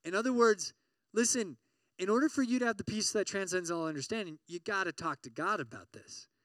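A man preaching a conversational sermon to a campus ministry group, animated and often checking in with his listeners. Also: high voice, a little fast, dry recording, far from the mic. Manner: acts out everyday inner voices with sudden loud outbursts.

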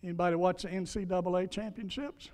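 High-voiced preacher in a reverberant hall. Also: male voice, fairly even intonation, quick pace, a little mellow. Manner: folksy storytelling, emphatic repetition. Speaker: pastor. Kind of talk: sermon.

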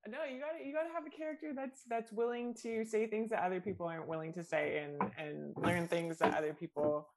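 Woman, lowish voice, podcast host, friendly, affirming, casual chat. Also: fairly even intonation, fairly quick, slight background noise. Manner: friendly, affirming, laughs often.

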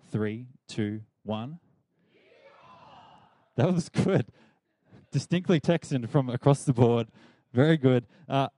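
A man's voice: mid-range voice, dark tone, no echo. A young man giving a chatty, playful Bible talk to a youth group and leading them in call-and-response.

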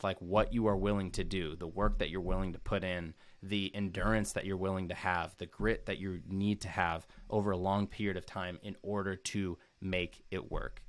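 A man's voice: lowish voice, no echo. A young man giving an earnest, casual recap to camera as a motivational coach, often using "like" as a filler and repeating key phrases.

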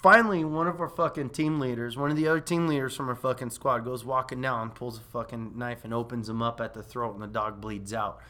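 A man casually telling a war story on a podcast, profane and animated, laughing as he goes. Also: medium pitch, brisk, hardly any pauses. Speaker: veteran storyteller.

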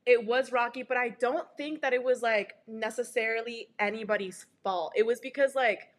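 Young woman chatting with quick laughs. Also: on the high side. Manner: quick, laughing, supportive interjections. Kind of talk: casual chat.

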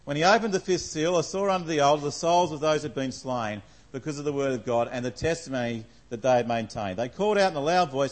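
A man's voice: medium pitch, lively intonation, fast talker, few pauses, poor audio. A man preaching a conversational sermon, reading scripture aloud and asking the congregation questions along the way. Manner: conversational, asks the congregation questions, many fillers.

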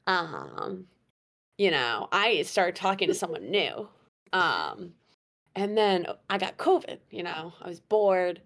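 A young woman telling a story in casual chat, animated and laughing, with plenty of fillers. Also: lowish voice, slow pace. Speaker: guest storyteller.

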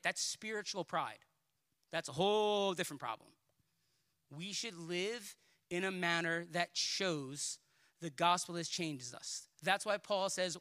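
A man's voice: high-pitched, bright, forceful tone. A male pastor preaching a sermon in a passionate, pleading, emphatic way, with colloquial asides and repeated words.

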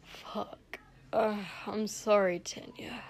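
A woman's voice: mid-range voice, steady tone, takes it slowly. Woman doing a hungover, grumbling young prince. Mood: groaning. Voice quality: hoarse, whispery. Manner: sullen, muttering.

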